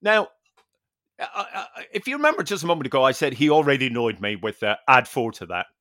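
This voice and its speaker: A British man hosting a podcast who tells an animated story in a casual way, swearing and acting out dialogue. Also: on the high side, quick pace, no room sound, studio quality. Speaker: podcast host.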